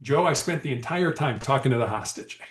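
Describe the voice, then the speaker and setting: A man's voice: medium pitch, expressive, fairly quick. A man guest on a podcast, telling stories in a conversational way and acting out quoted dialogue with animation. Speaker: podcast guest, former hostage negotiator. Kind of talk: conversational storytelling. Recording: echoey room.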